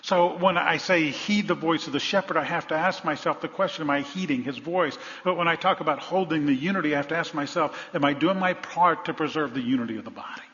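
A man's voice: on the high side, quick pace, few pauses, a bit bright. A male pastor preaching a sermon, asking the congregation rhetorical questions and building to emphatic points. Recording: dull sound in a long-reverb hall.

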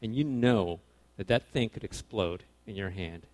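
Casual, animated man preaching a sermon. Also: lowish voice, moderate pace. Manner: animated, swings between loud emphasis and quiet asides; casual, self-correcting, informal phrasing. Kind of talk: conversational sermon to young people.

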